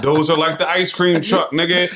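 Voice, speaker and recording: A man co-hosting a podcast in blunt, profane, animated casual chat. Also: a little high, moderate pace, crowd noise. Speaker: podcast co-host.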